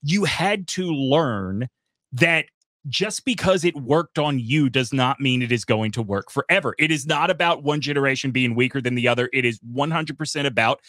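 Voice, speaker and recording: Man from Alabama, podcast co-host: mid pitch, earnest, reflective, dry close mic. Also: normal speed, bright, forceful tone, no room sound. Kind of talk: casual sports podcast chat.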